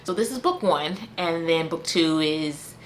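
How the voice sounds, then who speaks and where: Chatty woman with a low voice. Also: expressive, a little slow, slight background noise. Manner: chatty, full of fillers and restarts. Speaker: book reviewer. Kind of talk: casual book review.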